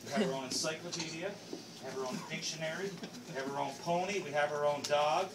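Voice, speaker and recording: A man's voice: on the high side, fast talker, very noisy. A man with a Newfoundland accent hosting a screech-in ceremony, teasing and proud as he leads the crowd. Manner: showy, teasing, proud and declamatory. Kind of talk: performing a pub ceremony to a crowd. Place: busy pub. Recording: echoey room, far mic, loud crowd. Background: rowdy crowd.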